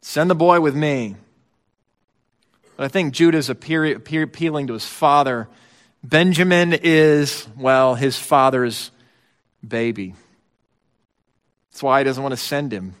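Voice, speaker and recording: A man's voice: mid-range voice, unhurried, long pauses, fairly bright tone, long reverb tail. A middle-aged man preaching a sermon, talking in a conversational way with wry asides to the congregation. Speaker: pastor.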